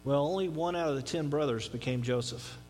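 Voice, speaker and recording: A man preaching a conversational sermon, swinging between quiet, low asides and emphatic rising declarations. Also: brisk, long reverb tail, slight background noise. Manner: conversational preaching with dramatic drops and rises. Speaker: pastor.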